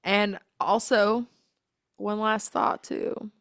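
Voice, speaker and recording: A woman's voice: mid-range voice, level tone, extremely slow, a bit bright, no echo, studio quality. A young woman co-hosting a podcast in casual chat, blunt and dramatic, swearing freely. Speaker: podcast co-host.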